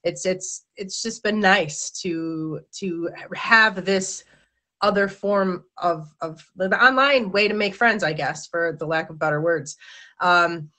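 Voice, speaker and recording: A woman's voice: lowish voice, slow, sharp tone. A woman hosting a live-stream talk show, chatty and giggly, stumbling over her words as she reads out viewer comments. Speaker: host.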